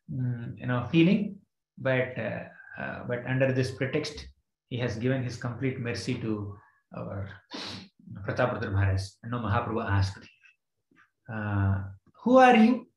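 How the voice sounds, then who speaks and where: A man's voice: medium pitch, normal speed, creaky, echoey room, rough recording. A man giving a scripture class, retelling a story with quoted verses and frequent fillers. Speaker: spiritual teacher.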